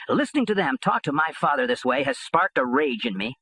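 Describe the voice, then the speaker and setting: A man's voice: medium pitch, very animated, fairly quick, pushed and bright, slightly rough, rough recording. A man reading an audiobook in first person, with a blunt, streetwise delivery. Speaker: audiobook narrator.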